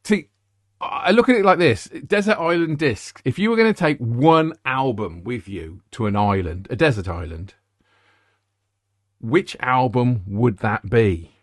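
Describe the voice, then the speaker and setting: A man's voice: medium pitch, expressive, unhurried, no echo, studio quality. A middle-aged man hosting a music show, rambling, joking and interrupting himself. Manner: rambling, jokey, self-interrupting. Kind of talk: casual chat.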